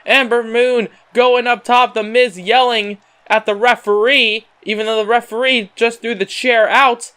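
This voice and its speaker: Brief: male gaming host, excitable announcer-style wrestling play-by-play, high clear voice. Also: unhurried, hardly any pauses. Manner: excitable announcer patter, repeating "however" and filler words. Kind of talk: play-by-play wrestling commentary over a video game.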